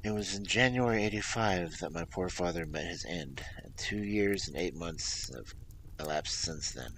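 A man reading aloud, voicing a frightened young man anxiously recounting his troubles in a halting, worried way. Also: sits low, a bit bright, slight background noise, pitched below the performer's own voice, heavily acted, low-quality recording. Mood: grim.

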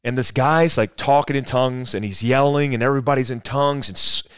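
A man's voice: mid-range voice, brisk, clear, resonant tone, no room sound, clean studio sound. A man in his forties, a former soldier, telling a rambling, profane story as a podcast guest. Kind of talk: casual storytelling conversation.

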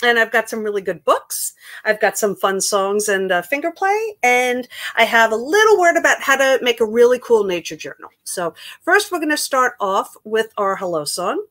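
A woman's voice: on the high side, big pitch swings, moderate pace, fairly bright tone. A woman, a children's librarian from Queens leading an upbeat, sing-song story time with songs. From Queens, New York.

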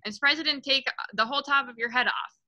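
Woman reader voices a sharp-tongued mum who shrieks and scolds, high and piercing. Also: fast talker, low-quality recording. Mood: scornful. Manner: shrieking, scornful. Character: shrill scolding mother, snobbish and sharp-tongued.

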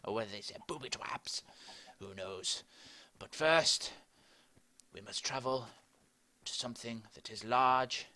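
Guy rambling thru his minecraft let's play, bright forward voice, talks to himself a lot. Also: mid-range voice, measured pace. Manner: chatty, rambling, talks to himself while playing. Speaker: gaming video host.

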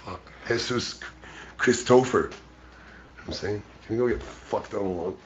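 A man with a very deep voice rambles to his livestream viewers, clearly drunk. He swears constantly and jokes loosely with the chat. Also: normal speed, lo-fi sound, slight background noise. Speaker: livestream musician.

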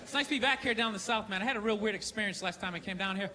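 A man doing a stand-up set in a theater, ranting loudly with sarcastic delivery. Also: high voice, racing. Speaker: stand-up comedian. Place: theater stage. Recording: live show with crowd laughter and noise. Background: audience laughter.

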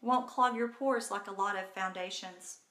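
A woman's voice: mid-range voice, moderate pace, bright, forceful tone, echoey room. A woman hosting a casual live makeup tutorial from home, chatty and bubbly, talking to viewers by name. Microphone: phone.

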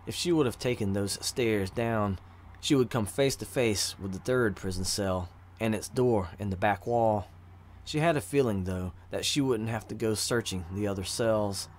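Low-voiced man reading a fantasy story. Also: normal speed, a little hiss or hum. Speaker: narrator. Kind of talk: audiobook narration of fantasy fiction.

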